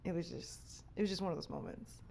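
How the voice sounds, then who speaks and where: A woman's voice: on the low side, very animated, brisk, vocal fry, dark tone. Candid, profane woman hosting a podcast. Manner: candid and profane, laughs often. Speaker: podcast host. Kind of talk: casual podcast chat.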